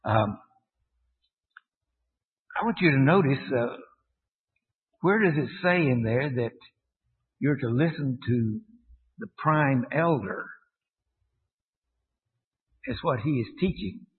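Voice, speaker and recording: Man preaching, halting, on a tinny line. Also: medium pitch, animated. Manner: halting, many fillers and restarts, asks the congregation questions. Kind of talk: sermon. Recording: tinny, echoey church recording.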